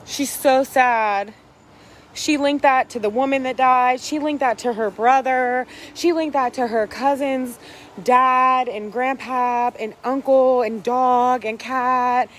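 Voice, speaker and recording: Woman, high voice, casual vlog, blunt and profane, preachy, outdoors with faint traffic behind. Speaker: vlogger. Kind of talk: casual spiritual vlog talk.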